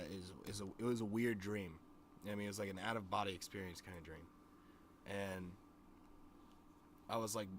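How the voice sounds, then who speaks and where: A streamer and musician with a lowish voice spins a long dream story for his chat, with a faint hiss beneath him. He rambles, restarts and swears freely, repeatedly asking "you know what I mean" to check that you follow.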